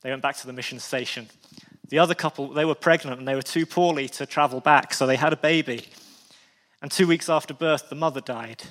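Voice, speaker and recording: A man's voice: medium pitch, a little fast, a bit bright, big-room sound. Male preacher, sermon storytelling, restarts, heartfelt asides. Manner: frequent restarts, emotional asides.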